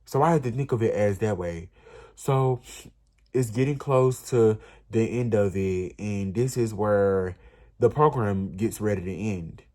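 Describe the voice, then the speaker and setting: A man's voice: on the low side, a little slow, mellow. A young man, telling an emotional, rambling storytime straight to his viewers. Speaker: vlogger. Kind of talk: storytime vlog.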